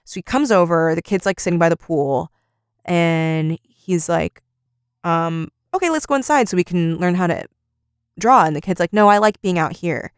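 Podcast lady telling a story, kinda low voice, dry close mic, keeps going "and he's like". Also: normal speed, clear, resonant tone, no room sound. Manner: retells scenes by acting out quotes with "he's like". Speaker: podcast co-host. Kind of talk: casual chat, retelling a story.

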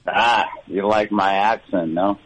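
Gruff husky guy on the phone, halting and wry, calling in. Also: fairly low pitch, fairly even intonation. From Maryland. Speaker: caller. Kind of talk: call-in chat. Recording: phone line.

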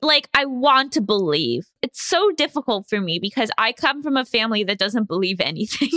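A woman co-hosting a podcast in casual chat, animated, laughing and questioning herself as she talks. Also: on the high side, moderate pace, no echo, clean studio sound. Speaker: podcast co-host.

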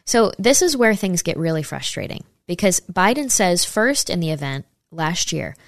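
A woman's voice: on the low side, big pitch swings, moderate pace, vocal fry, dry recording, clean studio sound. A woman hosting opinionated political commentary, sarcastic and incredulous, reading passages from articles aloud.

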